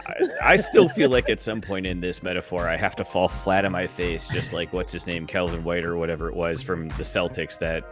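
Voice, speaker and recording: A man's voice: sits low, fairly quick, few pauses, music in the background. A man co-hosting a casual podcast, rambling and self-deprecating as he chats about beer and sports. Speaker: podcast co-host.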